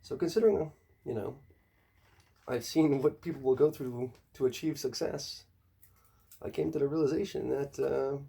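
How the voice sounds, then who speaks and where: A man with a gravelly, husky voice delivers a rambling comedic monologue. His talk is profane and conspiratorial, and it leaps high when he lands an emphatic point. His tone sits low and mellow in between those jumps. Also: normal speed, pauses often.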